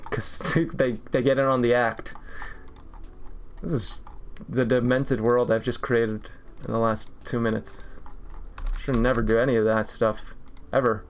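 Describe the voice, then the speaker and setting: A man's voice: medium pitch, little pitch movement, measured pace, slight background noise. A man in his twenties, a streamer chatting casually while he draws, rambling through jokey tangents and laughing often. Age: 20s. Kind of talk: casual chat while drawing.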